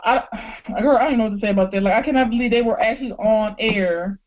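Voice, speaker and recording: Animated outspoken woman, lo-fi audio. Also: a little high, quick pace. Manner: animated, outspoken, laughs often. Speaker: podcast co-host. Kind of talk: casual chat.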